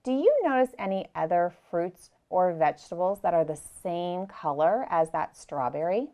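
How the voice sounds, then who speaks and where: A young woman teaching preschoolers, gentle and patient, speaking slowly and clearly and repeating her directions. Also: fairly low pitch, lively intonation. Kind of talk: slow, clear lesson for young children.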